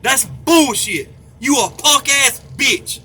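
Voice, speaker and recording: An extremely high, expressive voice with a bright, forceful tone belongs to a middle-aged vlogger who takes his time as he rants angrily to the camera. The rant is heated, profane and repetitive, over faint background noise.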